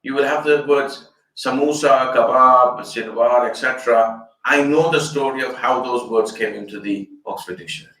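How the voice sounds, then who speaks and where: A man's voice: mid-range voice, normal speed, sharp tone. An older man, an Islamic scholar, giving an explanatory fundraiser lecture. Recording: echoey room, distant mic.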